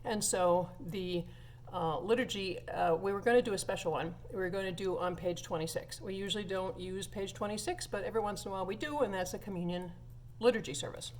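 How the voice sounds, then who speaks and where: A woman's voice: mid-range voice, a little fast, darkish tone, slight background noise. A woman who plays organ in church, telling a funny story in a chatty way with lots of fillers and laughs. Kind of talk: casual anecdote to viewers.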